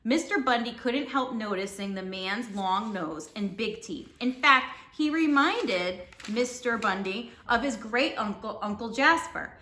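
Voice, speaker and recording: A woman teacher reading a storybook aloud to children, expressive and gentle, in a roomy recording. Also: a little high, a little slow, few pauses. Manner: expressive and warm toward children. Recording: roomy echo.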